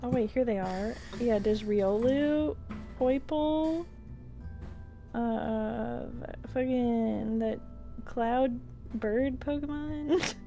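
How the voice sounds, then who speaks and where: A woman's voice: fairly high pitch, very slow, vocal fry, warm tone, soft background music. A woman joining a stream as a guest, chatting casually and giggling while she rambles enthusiastically about her game. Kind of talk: casual gaming stream chat.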